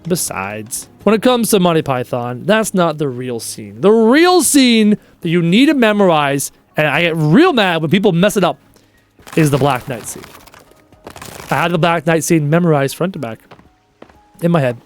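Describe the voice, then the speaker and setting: Chatty high-voiced streamer guy. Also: big pitch swings, moderate pace, soft background music. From Canada. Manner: rambling, chatty, jokes and bursts into quoted bits. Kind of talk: casual chat with stream viewers.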